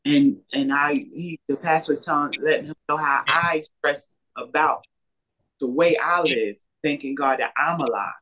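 A man's voice, a little high with a sharp tone, moves at normal speed as he casually tells of his faith. He rambles, repeats himself, and keeps retelling what people said in quoted exchanges.

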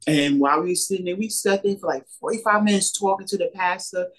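A man's voice: high-pitched, fast talker, fairly bright tone. A man casually recounting a personal faith story, rambling and repeating himself as he retells what people said. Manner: rambling, repetitive retelling with many quoted exchanges. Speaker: storyteller sharing a faith testimony. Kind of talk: casual spoken testimony.

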